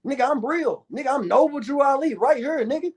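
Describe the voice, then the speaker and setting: A man's voice: very high voice, fairly quick. A man voicing a boastful male prophet come down from heaven, in a brash, swaggering way. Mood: insistent.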